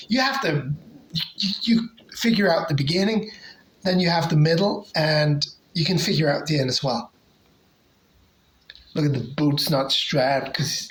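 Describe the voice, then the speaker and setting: A comic collector casually showing off favorite covers, talking hesitantly with lots of pauses and restarts. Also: medium pitch, rough recording. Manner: hesitant, many fillers and restarts.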